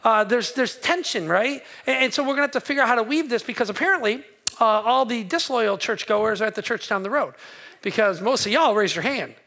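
A middle-aged pastor delivers his sermon in a high, bright voice with a lot of edge. He tells a story with animated energy and acts out the voices of the people he quotes. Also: fairly quick, gravelly.

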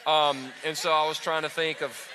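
A man in his thirties preaching a sermon to his congregation on a church stage, animated and talking straight to the crowd. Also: a little high, normal speed, slight background noise. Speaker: pastor. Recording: echoey hall with long reverb.

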